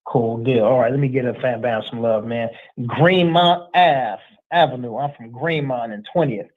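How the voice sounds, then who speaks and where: A man's voice: medium pitch, normal speed. Man on a tinny phone-like line. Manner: relaxed, streetwise slang. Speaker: livestream host. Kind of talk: casual chat, reading out viewer shout-outs.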